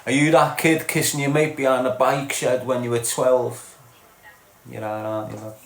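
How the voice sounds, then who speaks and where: Scouse man, middle-aged, mid-pitched voice, live-stream host, blunt and mocking, swears a lot, echoey room. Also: flat delivery, moderate pace. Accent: Liverpool (Scouse). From Liverpool, England. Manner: blunt, sweary, mocking, tags lines with "lad" and "mate". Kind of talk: ranting live-stream chat with viewers. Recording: roomy echo.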